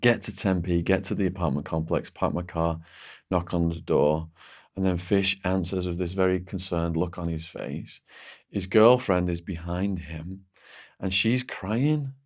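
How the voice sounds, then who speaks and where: Male guest, lowish voice, vivid storyteller who restarts his sentences and leans on "like". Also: unhurried. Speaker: interview guest. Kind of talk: recounting a personal story.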